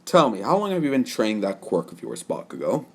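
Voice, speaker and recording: A man voicing a calm, cocky young male swordsman who speaks in a measured, quietly threatening way in a fan story. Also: medium pitch, slightly rough, full character voice. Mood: menacing.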